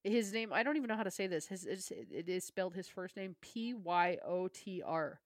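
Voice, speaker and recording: A woman co-hosting a podcast in casual chat, joking and laughing often with quick asides. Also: on the low side, dry recording, studio quality. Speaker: podcast co-host.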